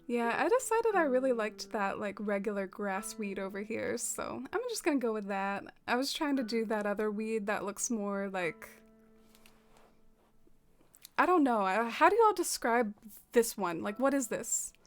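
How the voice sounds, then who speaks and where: A soft-spoken woman with a slightly high voice chats casually while streaming, talking straight to her viewers. Faint music plays behind her. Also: expressive, moderate pace. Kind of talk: casual livestream chat.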